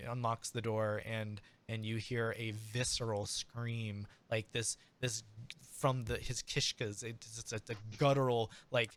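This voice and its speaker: A man narrating as game master in a halting, casual way. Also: medium pitch, fairly bright tone, slight background noise. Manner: halting, many fillers and restarts.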